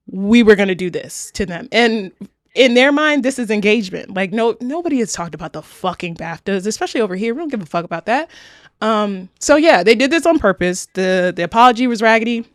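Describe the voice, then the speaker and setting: Woman, podcast co-host, mid-pitched, blunt and animated, casual chat on a dry close mic. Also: no room sound. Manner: blunt, animated, swears freely.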